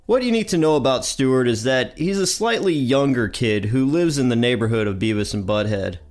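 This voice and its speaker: A man's voice: medium pitch, lively intonation, moderate pace, a little mellow, soft background music. A man with a stuffy nose from allergies, hosting a podcast and recapping a cartoon episode in a chatty, upbeat way. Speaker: podcast host.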